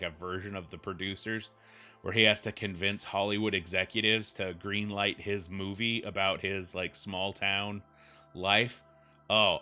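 A man's voice: low voice, sharp tone. A man hosting a podcast, rambling through wry, self-deprecating comedic commentary.

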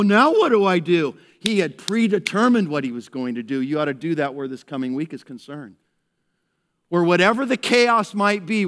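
A man preaching a sermon, his voice sitting a little high for a man. He swings between loud, excited bits where he acts out people and soft, hushed passages as he turns to prayer. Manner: animated, acts out characters in raised voice, drops to hushed prayer. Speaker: pastor. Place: church service.

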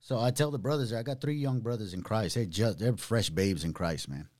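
A middle-aged man, a pastor telling his testimony in a casual podcast conversation, animated and full of slang. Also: fairly low pitch. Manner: animated storytelling, drawn-out words, casual slang.

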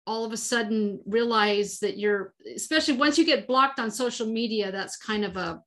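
A woman's voice: on the high side, moderate pace, a bit bright. A woman hosting a podcast interview, asking probing, rambling questions. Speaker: podcast host.

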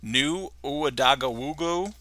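A man's voice: mid-range voice, slow, pushed and bright, dry recording. A man hosting a podcast, recapping a cartoon episode in a chatty way and laughing often. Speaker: podcast host. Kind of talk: casual chat, recapping an episode.

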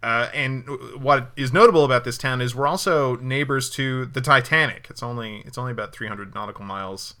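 Bright-voiced joking man. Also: medium pitch, a little fast, hardly any pauses. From Newfoundland, Canada. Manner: jokey, laughs often, rambling anecdotes. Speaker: podcast guest. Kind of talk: casual podcast chat.

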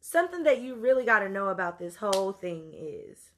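Woman telling a story, swears a lot, gets loud then drops low. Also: a little fast, a little hiss or hum. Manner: animated, profane, swings between loud outbursts and low asides. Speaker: podcast host. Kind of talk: storytelling monologue.

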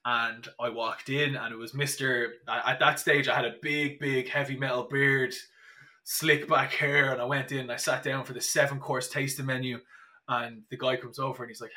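Young irish guy chatting on a podcast, bright forceful voice, keeps restarting his sentences, lots of "like". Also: mid-range voice, little pitch movement, normal speed. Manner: chatty storyteller, many restarts and fillers. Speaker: podcast guest. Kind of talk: casual podcast chat.

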